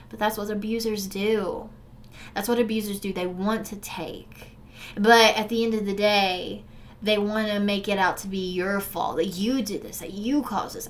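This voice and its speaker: Speaking at a medium pitch, this young vlogger tells her personal story straight to the camera with earnest emotion. Her delivery moves from forceful urging to quiet, subdued remembering, candid and direct with her viewers.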